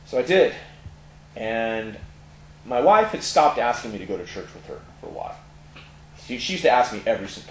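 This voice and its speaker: A man's voice: fairly low pitch, big pitch swings, moderate pace, a little mellow. Casual man telling his story, echoey room. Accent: Californian. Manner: candid storytelling with many fillers. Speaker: interview guest, tattoo parlor owner. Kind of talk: personal testimony in conversation. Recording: echoey room, faint noise.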